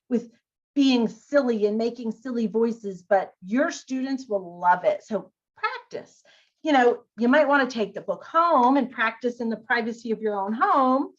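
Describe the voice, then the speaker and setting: A woman teacher and former librarian giving chatty, expressive tips on reading aloud to children. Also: fairly high pitch. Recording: dull lo-fi audio.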